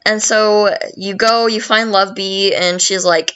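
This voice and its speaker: Young woman podcaster rambling slowly, swears a lot, lots of likes and ums, dull muffled audio. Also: mid-range voice, steady tone, fairly bright tone, slight background noise. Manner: slow and rambling, heavy swearing, many fillers. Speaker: podcast host. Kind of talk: casual plot retelling.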